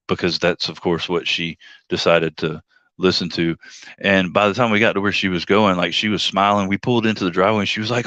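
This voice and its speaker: A low-voiced man rambles through a story on his livestream, cracking jokes and acting out the people he quotes. The sound is dry and a little dull, like a desk mic in a small home setup. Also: sharp tone, no echo. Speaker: livestream host and rideshare driver.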